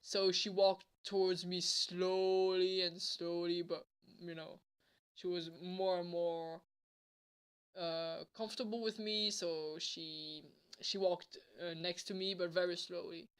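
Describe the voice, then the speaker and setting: A woman's voice: lowish voice, fairly even intonation, slow pace, smooth. A woman vlogger telling a casual storytime, rambling with many fillers and some swearing.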